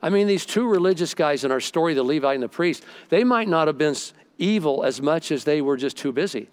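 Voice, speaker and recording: A middle-aged male pastor delivering a sermon, telling stories and shifting between loud and soft for emphasis. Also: a little high, animated, fairly quick, clean tone.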